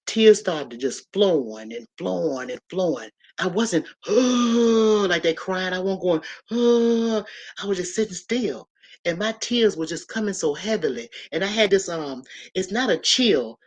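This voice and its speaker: A woman telling a personal story to a live audience in a lively, animated way, often calling her listeners y'all. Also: lowish voice.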